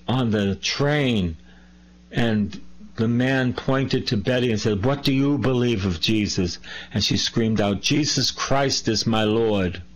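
A man preaching a sermon, reading scripture slowly and deliberately with emphatic asides. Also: fairly low pitch. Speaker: priest. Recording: dull lo-fi recording.

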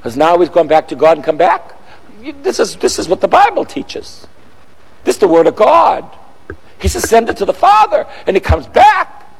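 A man preaching a sermon, emphatic and repetitive, building from quiet phrases to shouted lines. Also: sits high, big pitch swings, normal speed, gravelly, breathy edge. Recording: long echoey hall.

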